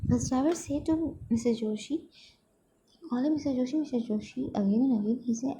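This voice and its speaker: A woman teacher, explaining a school lesson and simply spelling out the meanings of words, pausing to find them. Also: high voice, dark tone, slight background noise, low-quality recording.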